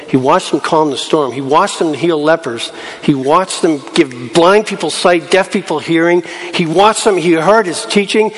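A male pastor preaches to his congregation in a casual, conversational sermon, now and then acting out Bible scenes. His voice sits on the higher side for a man. The sermon rings with the long reverb of a large church hall.

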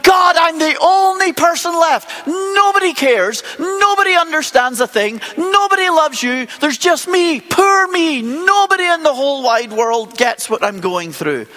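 A man voicing a discouraged, self-pitying male prophet who complains at a shout in a high voice. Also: lively intonation, a little slow, hardly any pauses, heavily acted. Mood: whiny, self-pitying. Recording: long hall reverb.

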